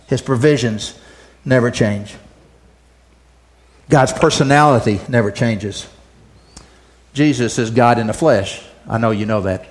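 A man's voice: mid-range voice, a little slow, long pauses. A male pastor preaching a sermon in a repetitive, building cadence.

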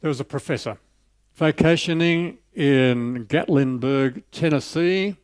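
A man preaching a sermon, telling a story and lifting his voice on scripture before dropping soft on key lines. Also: fairly high pitch, a little slow, clear, resonant tone, dry recording.

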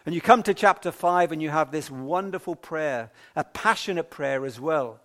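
A man preaching an evening sermon in a measured, emphatic way with long pauses. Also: on the high side, animated, fairly bright tone.

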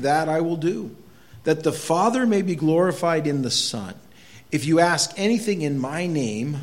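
Here a middle-aged man in a mid-range voice delivers a sermon as pastor. He talks with the congregation in a relaxed way, asks them questions, and builds intensity as he reads scripture aloud.

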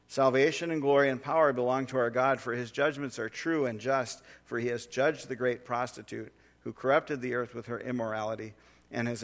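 Reading scripture as part of his sermon, a male pastor starts out measured and then swells into forceful warnings. He has a mid-range voice.

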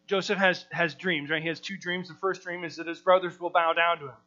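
A man's voice: fairly high pitch, fairly even intonation, fairly quick, sharp tone, highs cut off. A man teaching through a scripture passage verse by verse in a conversational way, often restarting his sentences and acting out the people in the story. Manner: conversational, with frequent restarts, acts out the quoted people. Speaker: Bible teacher.

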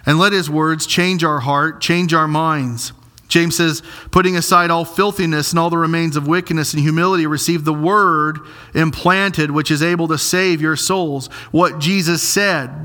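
Bright, high-voiced man preaching earnestly. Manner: earnest, emphatic preaching with slow, stressed repetitions. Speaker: pastor. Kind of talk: sermon.

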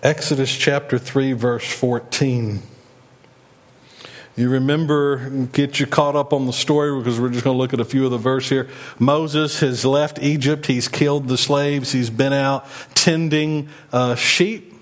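A man's voice: medium pitch, steady tone, measured pace. A man preaching a sermon in a conversational way, retelling the story and acting out the speakers he quotes. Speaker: pastor.

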